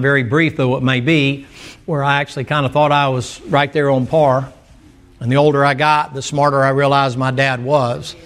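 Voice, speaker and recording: A man's voice: medium pitch, fairly bright tone. A man preaching a sermon, folksy and joking, calling out to the congregation for responses. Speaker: pastor.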